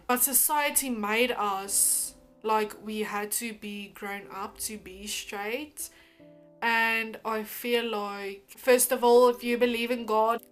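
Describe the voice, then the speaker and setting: Woman vlogging, fired up and exasperated, kinda high voice, faint music behind. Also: a bit bright. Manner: emphatic, exasperated commentary. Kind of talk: casual vlog reacting to comments.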